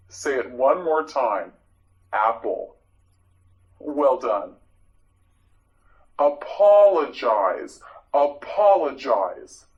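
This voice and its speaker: A man teaching English vocabulary to learners, repeating each word clearly and praising patiently. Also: medium pitch, dull audio. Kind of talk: vocabulary drill lesson for learners.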